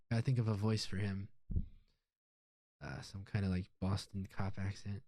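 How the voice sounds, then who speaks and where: A man's voice: fairly low pitch, flat delivery, moderate pace, pauses often, mellow, no room sound. Offhand man muttering game commentary. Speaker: let's play gamer. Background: game music.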